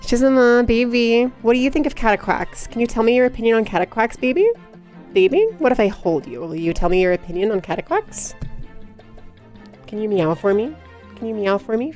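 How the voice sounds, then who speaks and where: A woman's voice: fairly high pitch, expressive, a little fast, darkish tone, soft background music. Giggly, playful young-sounding streamer woman. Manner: playful, giggly, teasing chat; coos in baby talk to her cat. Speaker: livestreamer. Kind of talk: casual live-stream chat.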